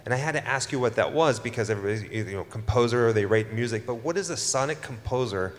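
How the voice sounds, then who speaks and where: A man moderating a convention panel, asking long, halting questions with fan enthusiasm. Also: medium pitch. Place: large convention stage hall. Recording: reverberant hall, faint noise.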